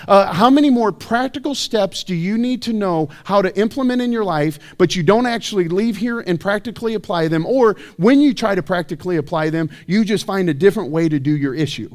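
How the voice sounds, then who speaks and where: A man's voice: high voice, fairly quick, few pauses. A man preaching a sermon in a church, talking conversationally with rhetorical questions and self-deprecating asides. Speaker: pastor.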